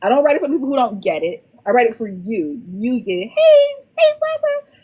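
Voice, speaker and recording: A woman author talking casually on a podcast, animated and laughing often, repeating words as she gets going. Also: mid-range voice, fast talker, husky. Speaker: author guest.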